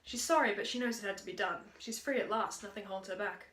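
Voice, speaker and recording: A woman, a drama student, giving a brisk, upbeat school drama presentation. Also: mid-range voice, fairly bright tone. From Australia. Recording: echoey room.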